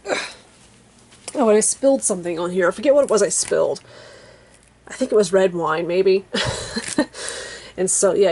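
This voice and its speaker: A young woman talks to her camera from her bedroom in a loose, rambling way, full of fillers and little laughs. Her voice sits at an ordinary middle pitch for a woman. The tone is frank and chatty. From American Midwest or South region. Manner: frank and chatty, laughs softly between thoughts. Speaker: vlogger. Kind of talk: casual chat to camera.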